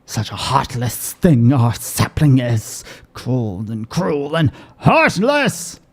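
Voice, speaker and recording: A man reading aloud the lines of a theatrical, doting fairy monarch in a game, slow and flowery. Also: medium pitch, big pitch swings, heavily acted. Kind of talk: reading a game's dialogue aloud.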